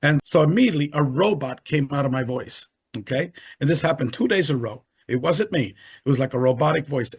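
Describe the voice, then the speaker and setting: A man's voice: on the high side, quick pace, husky. An older man, a retired professional, recounting his experiences as an interview guest on a video call, emphatic and repeating himself often. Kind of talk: animated storytelling in conversation.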